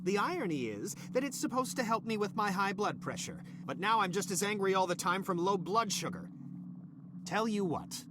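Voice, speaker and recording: A man's voice: high voice, background noise. An actor playing an irritable middle-aged male scientist in a video game, snapping and sarcastic at a janitor. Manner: snapping, sarcastic, then apologetic. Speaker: scientist boss.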